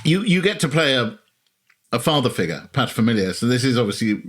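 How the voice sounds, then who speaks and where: A man hosting a podcast interview, putting questions to his guest in a brisk, wry manner. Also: medium pitch, very animated, a bit bright. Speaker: podcast host. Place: indoors over a lunch table.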